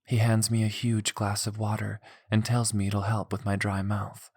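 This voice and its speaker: A male audiobook narrator reading a romance in the first person, steady and intimate. His voice sits low and husky, recorded dry and close with no room sound. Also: moderate pace, no room sound.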